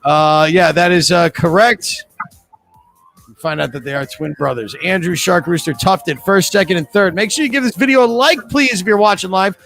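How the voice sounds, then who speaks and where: A man's voice: high voice, normal speed, a bit bright, faint music behind. A man hosting a live trivia game, reading questions and answer choices in a chatty, joking way. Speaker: trivia host.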